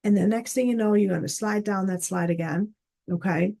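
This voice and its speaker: A woman's voice: mid-range voice, fairly quick, gravelly, warm tone. A woman life coach teaching in an earnest, casual way, often checking in with "okay?" and "right?". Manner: earnest, repeats words, frequent "okay?" and "right?".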